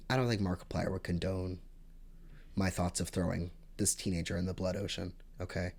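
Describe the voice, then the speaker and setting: A young man telling a rambling storytime monologue to his vlog, excitable, with sudden leaps up in pitch and loudness. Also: a little fast, slightly rough. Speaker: vlogger.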